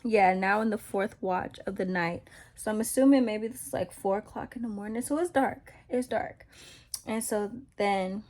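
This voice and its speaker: A woman's voice: medium pitch, moderate pace, darkish tone. A woman in a casual vlog Bible study who retells scripture loosely in slangy, conversational words. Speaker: Christian vlogger sharing a Bible reflection.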